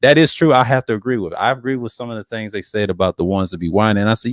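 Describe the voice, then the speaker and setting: A man's voice: lowish voice, a little fast, no room sound, studio quality. A man on a panel, talking in a laid-back, blunt way and repeating himself. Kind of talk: casual panel debate.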